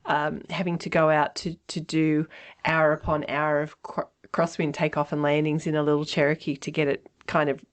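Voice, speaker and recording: A woman's voice: deep voice, flat delivery, normal speed. A woman co-hosting a podcast, telling personal stories in a casual way and laughing easily. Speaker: podcast co-host.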